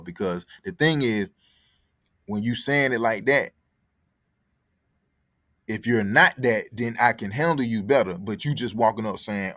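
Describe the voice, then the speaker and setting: A man's voice: lowish voice, measured pace, pauses often, fairly bright tone, no echo, clean studio sound. Profane rambling man telling a story. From born in Connecticut, raised in Atlanta. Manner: profane, rambling, repeats "for real". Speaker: podcast host. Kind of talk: casual storytelling monologue.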